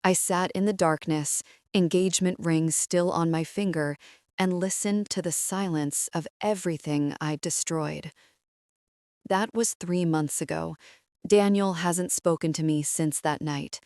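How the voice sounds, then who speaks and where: A young woman narrating a first-person confession story in a remorseful, measured way. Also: fairly low pitch, fairly even intonation, darkish tone, no room sound, studio quality.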